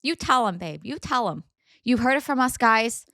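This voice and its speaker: Chatty woman podcast cohost, kinda high voice, dry close mic, laughs a lot. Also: normal speed, dry recording. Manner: animated, chatty, laughs often. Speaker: co-host reading Reddit stories. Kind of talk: casual chat with partner.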